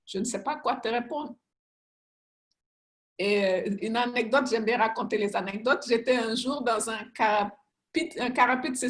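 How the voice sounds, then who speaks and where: A woman speaks on a panel in an earnest way, stopping often with fillers as she hunts for the right word. Her voice sits a little high. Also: a bit bright. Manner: earnest, searching for words with many fillers. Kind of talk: casual panel chat.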